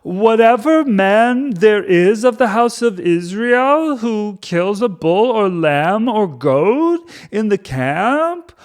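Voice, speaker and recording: A man voicing God putting on a pompous, mocking voice, high, loud and slow. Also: heavily acted.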